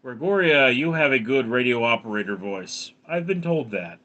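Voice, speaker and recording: A man hosts a casual live stream, reading his viewers' comments aloud and replying to each one. His voice is round and resonant, with a bright, forward edge. His pitch swings freely as he talks. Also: animated, normal speed, dull audio. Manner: reads viewer comments aloud and answers them.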